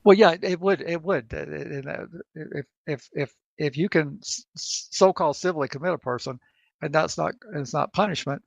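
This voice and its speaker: A man with a Southern accent co-hosting a podcast, talking in a halting way and often repeating words as he thinks. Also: on the high side, gravelly, no room sound. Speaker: co-host. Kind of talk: casual podcast chat. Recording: dry, dull lo-fi sound.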